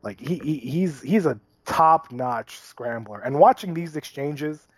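A man's voice: on the high side, a little slow, no room sound. A man co-hosting a podcast, breaking down a fight in a casual, opinionated and wry way. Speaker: podcast co-host. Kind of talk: casual sports chat.

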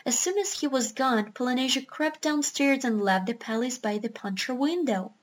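A woman reading a children's book aloud in a steady, expressive storytelling manner. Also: high voice, moderate pace. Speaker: narrator.

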